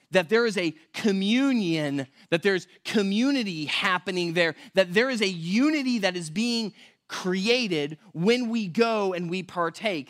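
A man's voice: high-pitched, fairly bright tone. A man preaching a sermon as pastor in a church, talking conversationally, asking rhetorical questions and correcting himself aloud.

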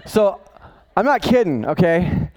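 A male pastor preaching a sermon, telling the story in a casual, animated way with lots of asides. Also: high-pitched, slow pace, poor audio.

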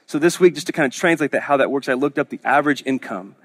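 A man's voice: mid-range voice, fast, a bit bright. A man from Oklahoma preaching a sermon as pastor, in a conversational, joking storytelling manner with frequent restarts.

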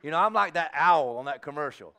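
A man pastor preaching a sermon in a church, swinging from quiet asides to shouted exhortation. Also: fairly high pitch, expressive, a little fast. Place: church sanctuary.

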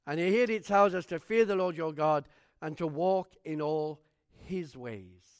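A male pastor preaching a storytelling sermon, animated and acting out the voices of the people in his stories. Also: fairly high pitch, unhurried, clear, resonant tone.

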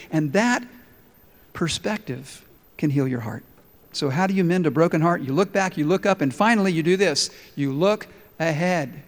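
A man preaching a sermon with emphasis, telling stories as he goes. His voice sits a little high for a man. His words trail off into a long hall reverb. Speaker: pastor.

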